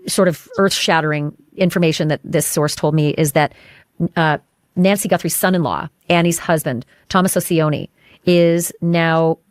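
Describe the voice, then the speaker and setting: A woman podcast host with a lowish voice, recorded dry and close. She talks through a breaking case in a casual, halting way, stopping and restarting as she shares what a source told her. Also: dry recording. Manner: hesitant, sharing details from a source. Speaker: true crime podcast host. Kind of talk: casual discussion of a news case.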